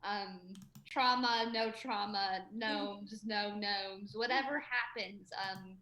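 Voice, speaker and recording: A woman's voice: mid-range voice, fairly even intonation, slow pace, sharp tone, echoey room. A woman hosting a casual video chat, upbeat and teasing. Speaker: host.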